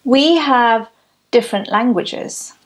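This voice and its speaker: A woman giving a reflective spiritual teaching talk, with measured, deliberate phrasing. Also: a little high. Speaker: spiritual speaker.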